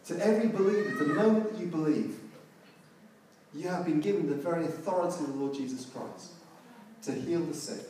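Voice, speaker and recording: A man's voice: a little high, moderate pace, a little hiss or hum. Man preaching in an echoey hall. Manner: storytelling, rising to loud emphatic peaks. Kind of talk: sermon. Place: large church hall. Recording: echoey church hall, mic at a distance.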